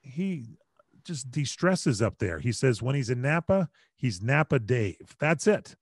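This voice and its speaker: A middle-aged man, a radio broadcaster, telling stories in a lively, joking way over a video call. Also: mid-range voice, husky, no room sound, clean studio sound. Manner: lively, chatty, quick to joke. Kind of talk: animated storytelling in conversation.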